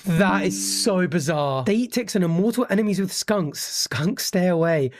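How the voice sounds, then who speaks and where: A man's voice: sits high, expressive, normal speed, slight background noise. A man narrating a reaction video with dry, sarcastic jokes. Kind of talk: scripted commentary with jokes.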